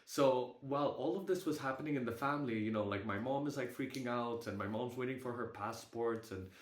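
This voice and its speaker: Young man, mid-range voice, halting candid storyteller, on a roomy video call. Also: medium pitch. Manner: halting storytelling with casual swearing. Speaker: group call participant. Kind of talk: candid personal sharing.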